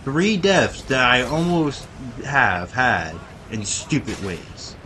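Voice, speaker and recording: A man giving casual let's-play commentary, rambling and talking straight to his viewers, often breaking into excited exclamations. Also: medium pitch, slow pace, a little hiss or hum. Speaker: gameplay commentator.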